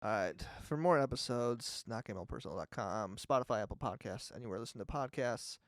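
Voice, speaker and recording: Animated chatty male podcast host. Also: medium pitch, a little fast, no room sound, studio quality. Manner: chatty, laughs often, filler-heavy. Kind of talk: casual fan podcast chat.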